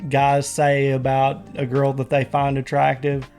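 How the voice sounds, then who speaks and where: A man's voice: mid-range voice, completely flat delivery, measured pace, a little mellow, faint music behind. A young man with an Appalachian accent, hosting a casual chat with laid-back, crude joking. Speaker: host.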